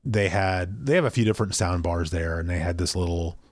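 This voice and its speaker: A man with a fairly low voice co-hosts a casual podcast from a small basement at home. He rambles and pokes fun at himself. The sound is dry and close, with no room echo. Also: fairly quick. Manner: rambling, self-deprecating. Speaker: podcast co-host. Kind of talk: casual chat.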